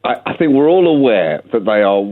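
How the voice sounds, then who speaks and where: A man's voice: medium pitch, sing-song, a little fast, a crowd in the background. A man co-hosting a comedy podcast, cutting in with mock-serious pleas for restraint. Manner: mock-serious, pleading interruptions. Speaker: podcast co-host. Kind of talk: satirical comedy podcast banter. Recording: tinny phone-line sound.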